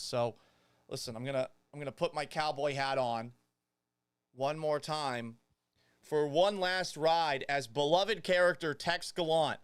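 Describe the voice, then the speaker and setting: A man's voice: fairly high pitch, a little slow, clean tone, no echo. A man in his thirties hosting a sports podcast, talking casually in a joking, self-mocking way. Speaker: podcast host. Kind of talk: casual sports talk monologue.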